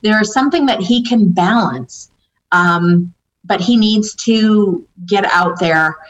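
A woman's voice: medium pitch, takes it slowly. A woman giving a psychic reading in a casual, hesitant way, full of fillers and restarts as she relays what the spirits tell her. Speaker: psychic medium answering viewer questions. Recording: dull lo-fi recording.

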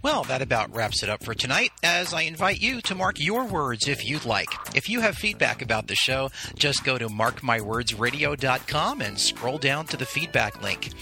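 A man, the show's host, reading a scripted sign-off smoothly, with web addresses and a goodbye. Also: medium pitch, sing-song, normal speed, hardly any pauses. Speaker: radio show host. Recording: outro with music behind.

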